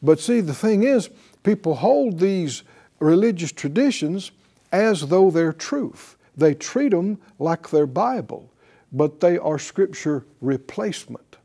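Mellow-voiced man teaching the Bible. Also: high voice, animated. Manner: emphatic, with deliberate slow stresses.

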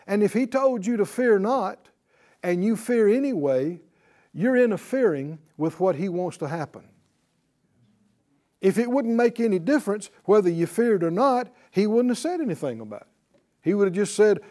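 A man's voice: high voice, big pitch swings, normal speed, darkish tone. A man teaching a Bible class, speaking emphatically, repeating his points and quizzing his students.

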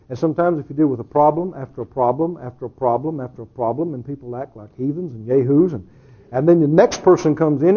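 A man's voice: on the high side, dark tone, slightly rough, dull audio. A man preaching a sermon who jokes with the congregation, chuckles often, and asks rhetorical questions.

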